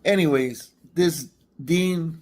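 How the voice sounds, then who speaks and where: Older man, slightly high voice, stammering, defensive casual rant. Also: slow, darkish tone. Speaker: guest in a played clip. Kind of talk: casual ranting monologue.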